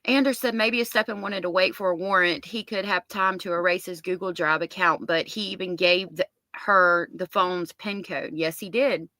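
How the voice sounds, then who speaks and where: Bright-voiced woman hosting a livestream. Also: on the low side, steady tone, normal speed, few pauses, no echo. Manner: reads chat comments aloud and reacts. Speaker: livestream host. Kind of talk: casual livestream chat reading viewer comments.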